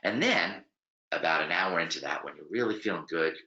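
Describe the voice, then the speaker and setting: A man with an American accent gives an animated webinar lesson with a story in it. His voice is very deep but swings widely and lands with force. The audio is roomy and a bit dull. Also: a little fast. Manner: animated, direct, addresses the listener. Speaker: presenter.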